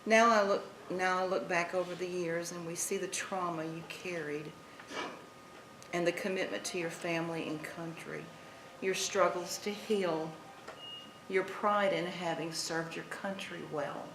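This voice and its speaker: A woman doctor giving an earnest, measured prepared speech at a ceremony in a senior center hall. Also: fairly low pitch, fairly even intonation. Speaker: guest speaker, doctor. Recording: echoey hall with clear noise.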